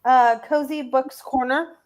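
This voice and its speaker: A woman's voice: sits high, fairly even intonation, slow pace, crowd noise. A woman co-hosting a reading livestream, talking casually and chattily with plenty of fillers. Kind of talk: casual chat.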